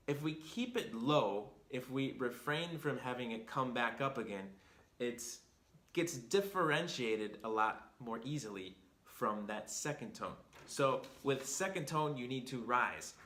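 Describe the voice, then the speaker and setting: Brief: male language teacher, bright tone, patient explainer, echoey room. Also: mid-range voice. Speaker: Chinese teacher and host. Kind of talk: video lesson explanation. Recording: roomy echo.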